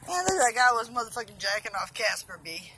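A tipsy woman vlogging on her phone while walking outdoors, loud and profane, laughing often. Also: a little high, big pitch swings, quick pace, noisy background. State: tipsy from drinking. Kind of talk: casual self-filmed vlog. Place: outdoors walking along a road.

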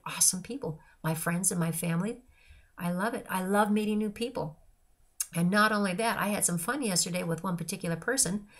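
An older woman speaks in an earnest, heartfelt devotional talk, piling up phrase after phrase in long lists. Her pitch sits in a middle range for a woman. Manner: earnest and repetitive, listing phrases. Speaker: christian speaker.

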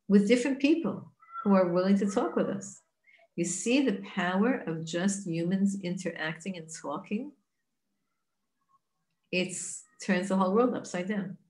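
A woman's voice: on the low side, reverberant. A woman giving an earnest, conversational Torah class, often asking rhetorical questions and restarting her sentences. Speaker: Torah teacher.

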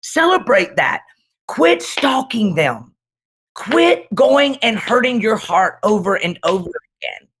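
A woman's voice: on the high side, very animated, slow pace, a bit bright, slightly rough. A middle-aged woman pastor giving a dramatic, emphatic testimony in conversation, driving her points home with repeated refrains. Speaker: pastor and guest speaker.

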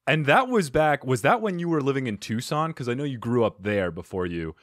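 A man hosting a comedy podcast, asking quick questions as an eager fan. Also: mid-range voice, animated, a bit bright, no echo, clean studio sound. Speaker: podcast host. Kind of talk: casual interview.

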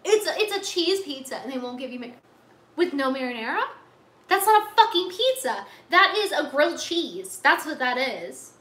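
A woman's voice: high-pitched, lively intonation, moderate pace, pushed and bright, reverberant. A young woman livestreamer ranting to her chat, exasperated, sarcastic and full of swearing.

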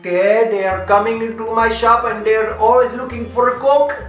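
A brash male shopkeeper barks at customers in a high, loud, put-on Indian accent, as a man acts him out. He scolds and swears without pause. The voice sits back from the mic in an echoey room, with music playing faintly underneath. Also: fairly even intonation. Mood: brash scolding. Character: loud male Indian hair-shop owner, brash and rude. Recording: roomy, distant, music behind.

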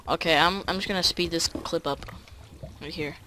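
A let's play gamer chatting casually and excitably through each move of the game. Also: mid-range voice, moderate pace, a little hiss or hum. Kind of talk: casual gameplay commentary.

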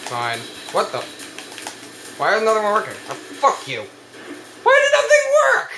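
A young man commentating his own gameplay, swearing and yelling at the opponent. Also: high voice, reverberant, noisy background. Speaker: let's play gamer.

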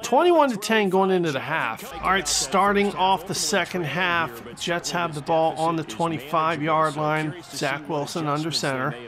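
A man giving excitable play-by-play commentary over a football video game, exclaiming at big plays and mocking the other team. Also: on the high side, measured pace, hardly any pauses. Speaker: gaming channel host. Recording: stadium crowd noise from the game behind.

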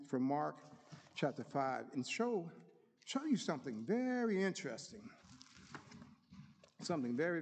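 A man's voice: fairly high pitch, a little hiss or hum. A man preaching a sermon, reading scripture aloud with rising emphasis and stopping now and then to find his notes. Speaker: deacon preaching. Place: church sanctuary. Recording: long reverb of a church hall.

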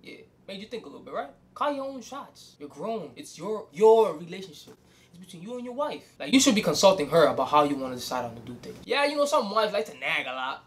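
A young man hosting his own channel, ranting casual advice to the camera in an animated, swearing way, switching between English and Spanish. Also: high-pitched, fast talker. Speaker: host.

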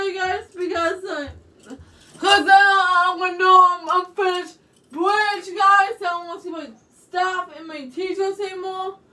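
A young woman vlogger chats casually to the camera from her bedroom in a very high, bright voice, picked up by a distant mic. She rambles, loops back on herself, and drops "you guys" into almost every phrase.

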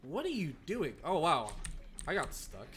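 A man streams a game with excitable live commentary, swearing and talking straight to the other players. His voice sits high and swings widely in pitch. He talks at an unhurried pace. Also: background noise.

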